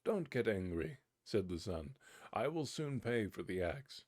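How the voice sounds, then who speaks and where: A man reads a fairy tale aloud in a low, measured voice, lifting it a little for the characters' lines. The recording is close and dry, with no room sound. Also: sing-song, darkish tone, dry recording. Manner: unhurried, lightly voicing the characters' lines. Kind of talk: storybook reading aloud. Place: home streaming setup.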